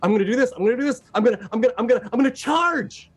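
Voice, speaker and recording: A man voicing an excitable, goofy giant carrot creature in a tabletop game, babbling and repeating every phrase. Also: very high voice, racing, breathy edge, pitched above the performer's own voice, heavily acted. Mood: giddy.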